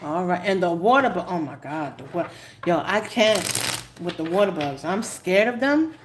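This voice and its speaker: Animated New woman telling stories. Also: lowish voice, normal speed, noisy background. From New York. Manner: animated storyteller, laughs often, dramatic asides. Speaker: tarot reader. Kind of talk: casual live-stream chat.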